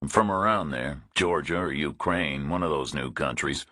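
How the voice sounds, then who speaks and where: A male audiobook narrator voicing a blunt, tough hero who talks in a flat, matter-of-fact way. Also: a bass voice, moderate pace, husky, no echo, studio quality, full character voice. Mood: threatening. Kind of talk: audiobook character voice.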